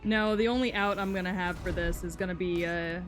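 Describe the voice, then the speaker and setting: A woman's voice: on the low side, fairly even intonation, a little fast. A tired young woman streaming a card game, grumbling and swearing in exasperation as she chats with viewers. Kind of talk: casual live-stream chatter while playing. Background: faint music.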